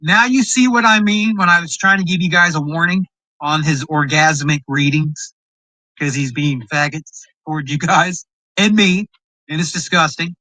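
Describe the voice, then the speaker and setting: A man's voice: a little high, normal speed, pushed and bright, no room sound, poor audio. A man giving heated reaction commentary on a rival's video, boastful and full of profane trash talk.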